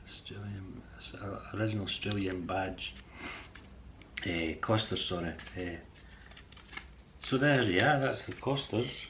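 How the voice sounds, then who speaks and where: Low-voiced man chatting casually. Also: unhurried, long pauses, noisy background. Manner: rambling and friendly, with hesitations and chuckles. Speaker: artist and eBay seller showing a shopping haul. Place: indoors at home.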